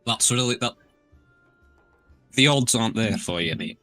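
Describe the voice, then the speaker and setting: A man's voice: mid-range voice, expressive, normal speed, sharp tone, no room sound, faint music behind. A man voicing a tiny, meek male squirrel-like creature with a Scottish accent, polite and prone to stammering. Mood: chatty. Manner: hesitant, stammering, politely formal.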